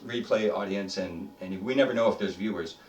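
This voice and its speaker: A man running a tabletop game as game master, narrating in a chatty, halting way with many fillers. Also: on the low side, darkish tone. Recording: roomy, distant mic, faint music.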